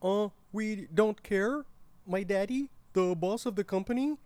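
A woman doing a smug, deadpan ad exec guy. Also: mid-range voice, dry recording, close to an everyday voice. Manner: hesitant, deadpan with drawn-out fillers. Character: smug white male ad executive, entitled boss's son. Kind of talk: comedy sketch acting.

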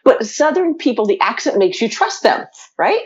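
Lively, husky-voiced woman telling a story. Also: on the high side, normal speed, muffled recording. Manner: animated, laughing, quotes her own thoughts. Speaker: storyteller guest. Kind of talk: casual chat, telling a story.

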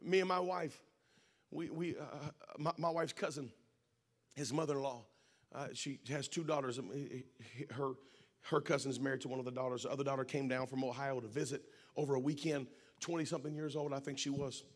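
A man preaching a sermon, telling a story and then building to shouted, fervent preaching. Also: mid-range voice, steady tone, brisk.

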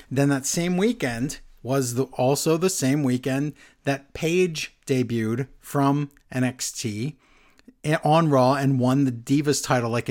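A man co-hosting a casual wrestling podcast, chatting and reading listener emails aloud. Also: mid-range voice. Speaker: podcast co-host. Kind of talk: casual chat.

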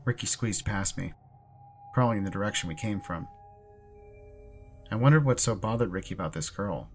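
A man narrating a horror story in a measured, ominous way. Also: on the low side, animated, faint music behind.

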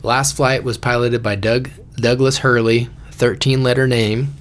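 A man's voice: mid-range voice, flat delivery, a little slow. A man hosting a casual podcast, reading facts from notes and joking with friends. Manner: joking, laughs often, reads facts from notes. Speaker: podcast host. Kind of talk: casual chat.

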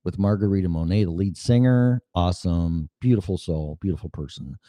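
A man's voice: low-pitched, fairly quick, mellow, dry recording. A middle-aged man hosting his own podcast alone, talking in a rambling, casual and profane way. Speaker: podcast host. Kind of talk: solo podcast monologue. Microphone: studio mic with mixer.

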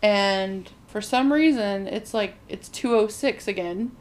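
A woman's voice: medium pitch, takes it slowly. Woman animatedly retelling a movie plot. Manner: animated storytelling, acts out characters' lines, frequent "like". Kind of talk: casual chat recapping a movie.

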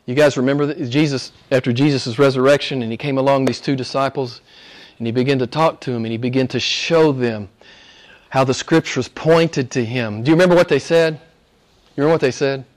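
A man preaching an expository sermon, swinging from loud, soaring exclamations to hushed near-whispers and drawing key words out slowly for emphasis. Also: medium pitch. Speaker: pastor.

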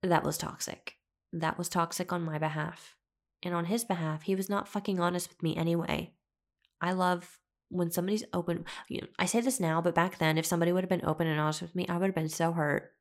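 A young woman with a lowish voice, chatting through a personal story straight to the listener. She is candid and swears freely, and she laughs at herself along the way. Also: steady tone, brisk. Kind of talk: casual storytime monologue.

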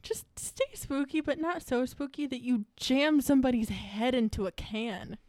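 A woman's voice: sits high, normal speed, darkish tone, dry recording, studio quality. A young woman co-hosting a true-crime podcast, blunt and exasperated, swearing often. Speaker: podcast co-host.

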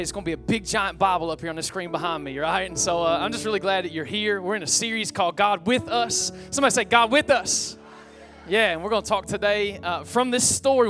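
High-voiced guy preaching at church, lots of call and response, guitar playing behind. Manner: energetic, call-and-response with congregation. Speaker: pastor. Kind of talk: sermon. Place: church sanctuary.

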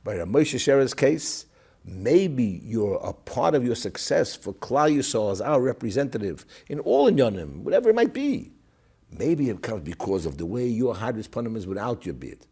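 Animated husky man telling a story. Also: mid-range voice, normal speed. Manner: animated storytelling, swings from loud to hushed. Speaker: guest recalling his father. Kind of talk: storytelling interview.

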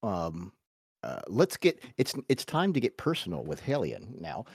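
A Southern-accented man in his forties chats on a podcast, his pitch swinging up and down as he talks. He wanders through halting asides and restarts, recorded close and dry with no room sound. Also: huge pitch swings, gravelly, darkish tone, breathy edge, no echo. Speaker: podcast host. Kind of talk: casual chat.

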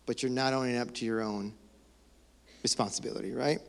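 A man preaching a sermon as pastor, animated and conversational, acting out excuses and laughing now and then. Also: mid-range voice, brisk, gravelly. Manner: animated, mock-quotes excuses, laughs often. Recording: long hall reverb.

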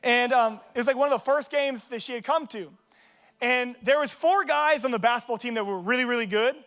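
High-voiced young male pastor, joking. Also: a little fast, a bit bright, clear, resonant tone. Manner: casual, joking, conversational. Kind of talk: sermon with personal storytelling. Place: church service.

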